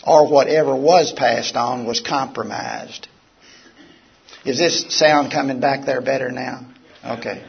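A man giving a casual, animated talk on recovery to a live audience, telling stories as he explains. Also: medium pitch, a little slow. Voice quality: gravelly, raspy. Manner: conversational, animated storytelling. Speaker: lecturer on addiction recovery. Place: meeting hall with audience. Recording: dull lo-fi live recording.

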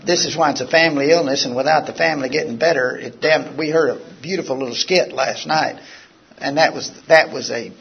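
A man giving a casual, animated talk on recovery to a live audience, telling stories as he explains. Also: on the high side, fairly quick. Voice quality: gravelly, raspy. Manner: conversational, animated storytelling. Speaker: lecturer on addiction recovery. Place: meeting hall with audience. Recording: dull lo-fi live recording.

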